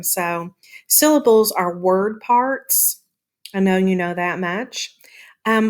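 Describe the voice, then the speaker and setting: A woman teacher talks young pupils through a recorded lesson. She is patient and explains one step at a time, pausing on an occasional um. Her voice sits at an ordinary middle pitch.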